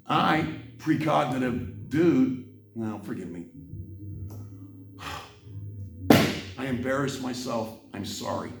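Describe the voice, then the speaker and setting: A man's voice: medium pitch, slow pace, creaky, pauses often, distant mic. An impassioned man holds forth on faith, building to a heated rant before dropping into a subdued apology. His voice sits back from the microphone in a roomy, echoing space. Faint music plays underneath. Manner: impassioned, swings from shouting rant to quiet apology. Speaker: channel host. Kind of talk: heated monologue on religion.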